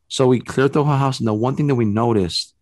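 A man's voice: mid-range voice, fast talker, a little mellow, dry recording. A man casually telling a spooky story in a rambling way, filling it with "man" and "bro" and often restarting his sentences.

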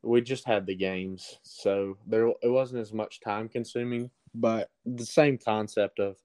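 A teenage young man with a thick Alabama accent answers questions casually, pausing often on ums and restarts. His voice sits fairly low and sounds smooth and clear. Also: fairly even intonation, a little mellow, low-quality recording. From Southern US. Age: teens. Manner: halting, with many ums and restarts. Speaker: baseball recruit guest.

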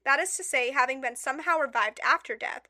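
A woman's voice: sits high, quick pace, pushed and bright, dry recording. A woman co-hosting a casual podcast, reading facts aloud with stumbles and giggly asides in a small studio. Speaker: podcast co-host. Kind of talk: casual chat reading notes.

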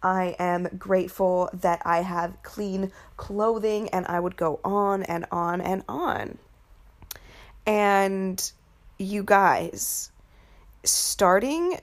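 A woman's voice: medium pitch, gravelly. A young woman hosting a podcast from her apartment, talking casually about morning affirmations, full of fillers and swearing. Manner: chatty, swears freely, frequent fillers. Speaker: podcast host. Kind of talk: casual spiritual podcast monologue.

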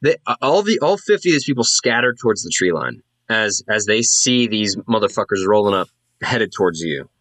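A man's voice: on the low side, very animated, brisk, fairly bright tone, no room sound. A man narrating a tabletop game as game master, casual and full of fillers.

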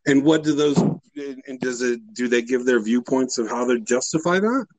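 A man's voice: medium pitch, normal speed, a little mellow, no room sound, rough recording. A man co-hosting a casual podcast chat, rambling and profane, with a sarcastic edge.

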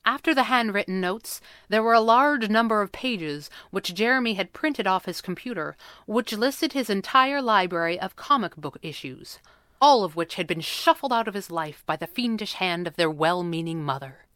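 A woman narrating a storybook in an even, measured way. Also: medium pitch, clean tone, dry recording, studio quality. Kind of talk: storybook reading.

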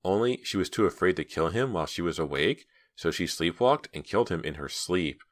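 Deep guy doing teen girls chatting, pitched up from his low voice, dry mic. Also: animated, a little fast, dry recording. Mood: chatty. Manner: lifts his voice higher and louder for the girls. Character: teenage girls and their mother in the story.

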